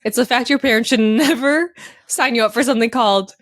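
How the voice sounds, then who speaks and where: A woman's voice: fairly high pitch, fast, no room sound, clean studio sound. A young woman co-hosting a podcast, bantering in a playful, teasing way. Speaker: podcast co-host. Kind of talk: casual chat.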